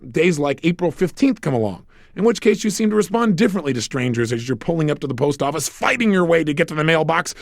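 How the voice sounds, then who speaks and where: Animated gravelly motivational speaker man. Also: fairly high pitch, dry recording, studio quality. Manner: energetic, acts out dialogues. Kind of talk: recorded self-help lecture.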